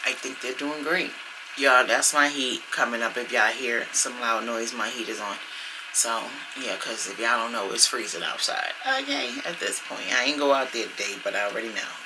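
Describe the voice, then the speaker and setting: A woman's voice: a bass voice, steady tone, normal speed, background noise. A woman, talking casually to camera at home in a vlog, chatty and playful, laughing as she goes. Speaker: vlogger. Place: home room with the heat running.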